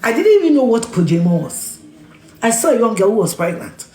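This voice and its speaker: This media personality's rant comes fairly quickly in a slightly high, dark voice with wide pitch swings, and the sound is reverberant. With a Ghanaian accent, she scolds emphatically, repeating phrases and mixing in Twi and Ga.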